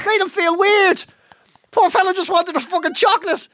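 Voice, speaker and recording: Give me a comedian with a high, bright voice, rattling off sweary, animated stories in a dry, close recording. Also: male voice, brisk, no echo. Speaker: comedian co-host. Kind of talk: casual podcast chat.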